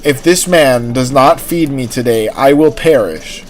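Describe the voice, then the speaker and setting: A man voicing a haughty, demanding female outdoor cat, speaking in a slow, dramatic, imperious way. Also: mid-range voice, natural voice.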